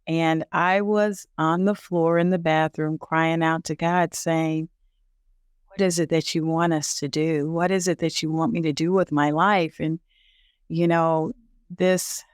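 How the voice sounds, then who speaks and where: A woman's voice: fairly low pitch, clean tone, no room sound, studio quality. An older woman, a league founder and podcast guest, telling a personal story earnestly, with many fillers, acting out her own past words. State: tearful at times. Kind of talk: interview storytelling.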